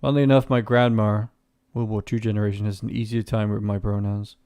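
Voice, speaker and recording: A man's voice: on the low side, flat delivery, quick pace, mellow, clean tone, no echo. A man streaming a farming game, chatting casually with sweary, ranting asides. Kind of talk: casual gameplay commentary.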